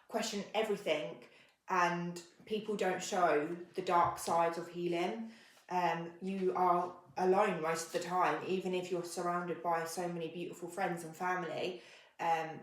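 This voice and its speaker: Earnest woman, slightly low voice. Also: roomy sound, poor audio. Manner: earnest and open, many hesitant ums. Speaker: podcast co-host. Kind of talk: candid conversational podcast chat.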